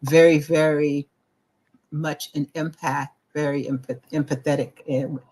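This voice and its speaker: A woman's voice: low voice, a little slow. A middle-aged woman co-hosting a talk show, telling a personal story in casual chat and acting out the voices of people she quotes. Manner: animated storyteller, acts out quoted voices, restarts often.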